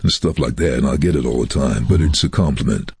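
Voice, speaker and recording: Very deep, husky-voiced man telling stories. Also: fast, dry recording, clean studio sound. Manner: relaxed storyteller who slips into quoted voices. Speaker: voice-over artist. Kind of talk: radio interview anecdote.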